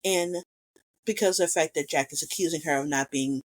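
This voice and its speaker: A woman's voice: low voice, a little fast. Woman animatedly retelling a film plot. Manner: animated retelling, acting out quotes. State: recovering from strep throat. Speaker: podcast co-host. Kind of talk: casual film discussion.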